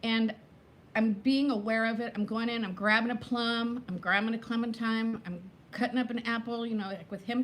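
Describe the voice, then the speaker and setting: A woman in her fifties hosting a casual live chat, talking fast between topics and greeting viewers by name. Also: on the high side, fairly even intonation, fairly bright tone, a little hiss or hum. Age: 50s. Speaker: livestream host.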